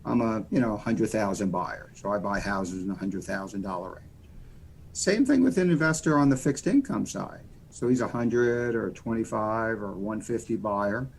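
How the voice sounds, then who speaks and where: This American man is a mortgage lender appearing as a guest on a casual podcast interview. His voice sits fairly low and sounds animated and a bit creaky, at a moderate pace, with slight hiss or hum in the audio. He explains loans in a folksy, rambling way, peppering his talk with "you know."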